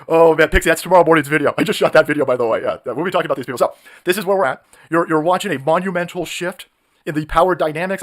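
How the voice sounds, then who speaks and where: A man hosting a live stream, ranting in a profane, mocking way and shouting often. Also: a little high. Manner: profane, mocking, shouting rants with mimicked voices.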